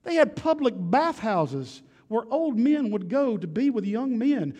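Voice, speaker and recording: A man preaching with a strikingly high, strained pitch, pressing his points hard and throwing rhetorical questions at the congregation. His voice rings out loud and carries through a church sanctuary, trailing a long reverb off the walls of the large hall. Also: very animated, a little slow. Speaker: pastor. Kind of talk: sermon.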